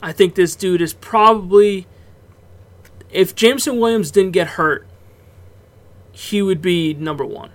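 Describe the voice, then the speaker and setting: High-voiced man talking football casually. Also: measured pace, pauses often. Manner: relaxed, swears freely, breaks off into laughs. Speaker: podcast co-host. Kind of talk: casual sports chat.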